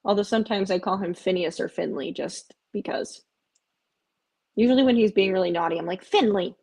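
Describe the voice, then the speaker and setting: Woman, live-stream host, husky voice, casual rambling chat, cooing at pets. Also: a little fast, darkish tone. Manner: chatty, rambling, often breaks off to coax her cats in a high cooing voice.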